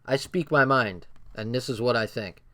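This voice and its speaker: A man's voice: mid-range voice, normal speed, pushed and bright. A man with a New Jersey accent reading a book aloud on a livestream and commenting bluntly, repeating phrases for emphasis.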